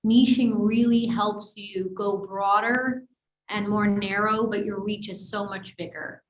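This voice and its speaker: A woman leads an online business workshop over a video call, energetic and conversational, tagging her points with quick check-ins. Her voice sits at a middle pitch. The room around her rings with a noticeable echo. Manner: energetic, conversational, many fillers and "right?" tags. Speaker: workshop presenter. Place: home office on a video call. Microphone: video call mic.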